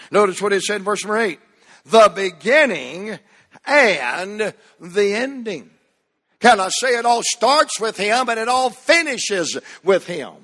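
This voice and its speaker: A man preaches from the pulpit with a high, bright voice, stretching phrases slowly and calling for the congregation to repeat after him. His words ring out through a church hall with a long reverb. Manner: drawn-out emphatic preaching cadence, call and response. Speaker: pastor. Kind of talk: sermon. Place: church sanctuary.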